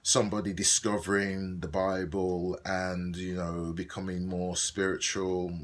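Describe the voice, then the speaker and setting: A man's voice: low-pitched, little pitch movement, a little slow. A middle-aged man with a Brummie accent talks through his day in a casual video diary, rambling with many ums and restarts. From Birmingham, England. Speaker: actor and video diarist.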